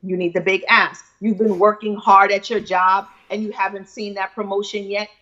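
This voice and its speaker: A woman's voice: mid-range voice, little pitch movement, moderate pace, pushed and bright. Confident woman author, muffled audio. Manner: confident, persuasive, speaks like a motivational speaker. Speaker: author being interviewed. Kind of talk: live video interview.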